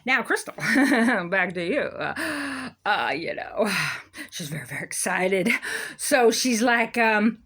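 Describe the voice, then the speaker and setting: A woman's voice: on the high side, expressive, measured pace, a bit bright. A woman delivering a sarcastic, emphatic ranting monologue as a local commentator. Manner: sarcastic, emphatic, self-mocking.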